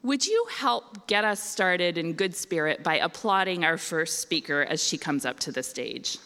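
A woman emceeing a storytelling event, calm and measured, in an auditorium. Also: on the low side, a little hiss or hum. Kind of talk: formal event introduction. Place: large auditorium. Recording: long hall reverb.

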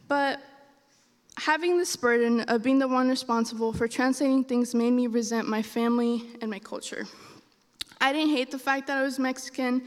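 A young woman, a first-year student whose first language is Spanish, telling a personal story on stage in an auditorium. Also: fairly high pitch. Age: young adult. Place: large auditorium. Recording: long hall reverb.

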